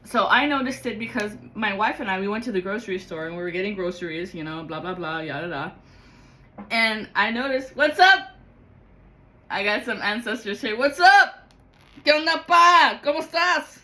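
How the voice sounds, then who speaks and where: Bright, forceful woman rambling excitedly. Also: medium pitch, fairly quick, low-quality recording. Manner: rambling, excitable, swears freely. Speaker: spiritual guide and card reader. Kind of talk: casual spiritual vlog monologue.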